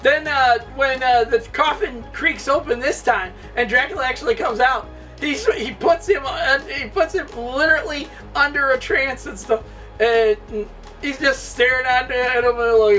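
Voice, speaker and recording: A man's voice: extremely high pitch, a little slow, fairly bright tone, recorded from a distance, soft background music. A man hosting a casual movie review, rambling and laughing often mid-sentence.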